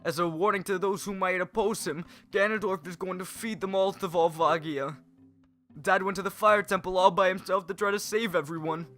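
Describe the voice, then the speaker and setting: An eager young Goron boy from a fantasy video game, as a man reads his lines aloud in character. He sounds excited and pleading, with a high, bright, forceful voice. Faint game music plays behind him. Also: normal speed.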